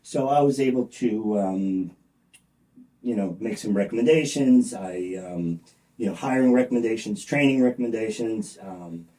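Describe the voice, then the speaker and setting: A man's voice: on the low side, normal speed, dark tone, far from the mic, poor audio. A man telling his career story in a casual interview, rambling with many fillers and restarts, blunt and salesy. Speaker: interview guest.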